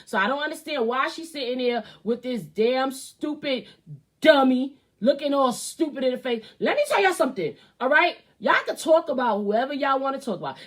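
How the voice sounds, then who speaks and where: A high-voiced woman hosting a show delivers ranting commentary, swearing freely and speaking bluntly. She's heated and opinionated, swinging between flat asides and loud outbursts.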